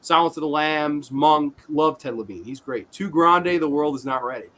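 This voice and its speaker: A man hosting a casual podcast, reviewing films in an animated style and swearing freely. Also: on the high side, normal speed. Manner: animated, swearing, voices his own reactions. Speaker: podcast host. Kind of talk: casual movie review chat.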